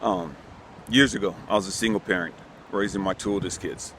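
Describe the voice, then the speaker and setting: Brief: earnest male storyteller, slightly low voice, faint outdoor wind. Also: steady tone, fairly quick, a bit bright. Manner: earnest, emphatic, gets worked up as he tells it. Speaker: channel host. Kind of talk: casual personal storytelling. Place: outdoors on a breezy day. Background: wind and outdoor ambience.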